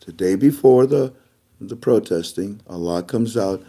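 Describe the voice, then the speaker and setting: A man's voice: deep voice, expressive, measured pace, dark tone. A man giving a rambling, emotional monologue to camera as a video blogger, often breaking into laughter.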